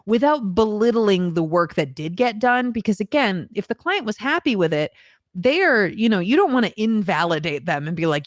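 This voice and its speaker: A woman's voice: mid-range voice, very animated, moderate pace, dry recording, clean studio sound. A woman voice actor as a podcast guest, talking in a reflective, earnest way with frequent ums. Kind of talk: casual podcast conversation.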